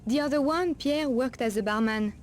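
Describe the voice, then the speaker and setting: A woman's voice: high-pitched, moderate pace, soft background music, natural voice. An actress playing a wary streetwise woman of the night streets, with a French accent and French endearments, guarded and cautioning.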